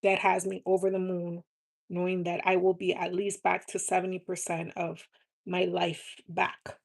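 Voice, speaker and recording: Female live streamer, low, even voice, heartfelt and earnest. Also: normal speed, vocal fry. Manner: earnest, heartfelt, repeats words for emphasis. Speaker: live streamer selling cosmetics. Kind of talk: casual live-stream chat.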